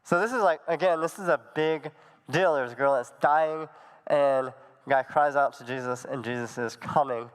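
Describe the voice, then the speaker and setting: A man's voice: medium pitch, moderate pace, clean tone, in a large hall, rough recording. A young man giving a conversational sermon to students, telling Bible stories in plain words with casual fillers. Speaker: youth pastor.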